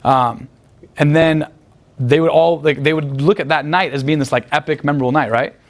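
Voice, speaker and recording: A man's voice: fairly high pitch, moderate pace. A man telling crude, boastful, rambling stories full of profanity in a casual interview. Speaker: guest talking about picking up women.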